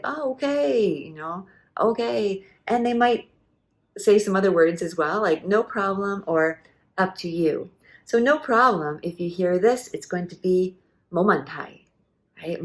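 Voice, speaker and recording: A woman's voice: lowish voice, lively intonation, moderate pace. A woman teaching restaurant phrases in a casual lesson, explaining patiently and modelling each phrase with many fillers. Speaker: language teacher.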